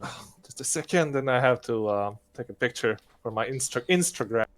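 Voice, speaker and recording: A man's voice: medium pitch, expressive, fairly quick. A man playing a tabletop role-playing game, speaking in a hammy, whiny way in character. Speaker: player. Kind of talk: casual tabletop role-play.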